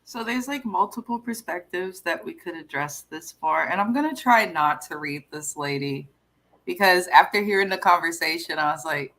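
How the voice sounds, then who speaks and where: A woman co-host giving casual, chatty commentary and thinking out loud. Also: lowish voice, moderate pace.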